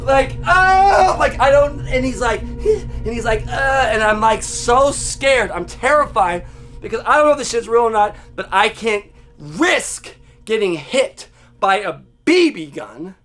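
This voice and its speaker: A man spins a childhood story in loose, cursing vlog talk, voice sitting a little high for a man. He jumps between hushed, low asides and sudden yelps as he acts the scenes out. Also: lively intonation, a little slow, faint music behind. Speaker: vlogger telling a childhood story. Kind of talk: casual storytelling.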